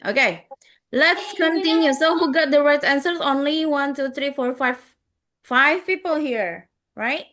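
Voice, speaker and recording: Give me a woman teacher, fairly high voice, coaxing her class through questions. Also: a little slow, sharp tone. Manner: coaxing, quizzes students by name, frequent "oke". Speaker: English teacher. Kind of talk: interactive online class, repeating each English phrase in Indonesian.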